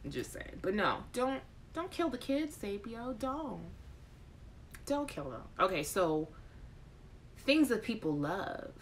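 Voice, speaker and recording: A woman's voice: fairly high pitch, big pitch swings, slow, long pauses, a little hiss or hum. A woman hosting a live chat show, talking casually and joking with viewers, reading their comments and answering with playful, exaggerated outrage. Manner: addresses chat viewers by name. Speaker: host.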